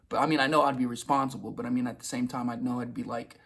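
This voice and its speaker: A man's voice: mid-range voice, steady tone, quick pace, gravelly, few pauses, a bit bright, husky. A young man telling a casual, rambling story in a vlog, restarting and repeating words and swearing now and then. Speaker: vlogger.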